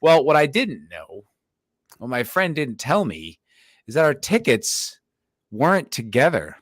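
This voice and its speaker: Podcast co-host, male, mid-pitch, dry close mic; animated swearing storyteller. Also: measured pace, no echo. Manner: animated storyteller, swears often, laughs through his telling. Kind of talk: casual chat, storytelling.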